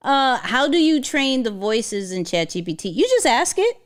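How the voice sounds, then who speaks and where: Woman livestream host, unhurried, lively and smooth-voiced, slangy. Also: high-pitched. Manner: animated, slangy, laughs often. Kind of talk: casual livestream chat.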